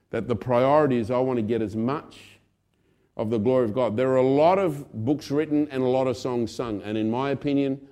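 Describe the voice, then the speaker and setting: This conversational sermon comes from a male pastor with a mid-range voice, who alternates between loud emphasis and quiet asides.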